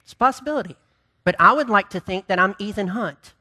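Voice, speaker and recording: Bright-voiced male pastor preaching. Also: sits high, animated, fast. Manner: impassioned preaching, then quieter and conversational. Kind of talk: sermon.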